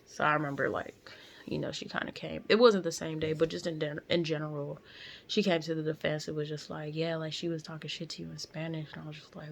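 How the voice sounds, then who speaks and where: Gravelly young woman telling a story. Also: sits low, fairly quick. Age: young adult. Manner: blunt, profane, animated. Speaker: vlogger. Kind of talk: casual storytelling. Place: in a car.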